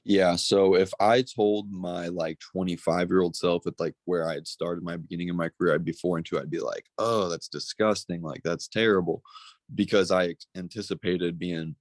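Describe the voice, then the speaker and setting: A man's voice: deep voice, level tone, normal speed, few pauses, a little mellow, no room sound. A young man from Missouri, a pro fighter, talking candidly in an interview, blunt and profane, getting emotional. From Missouri, United States. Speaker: pro MMA fighter, guest.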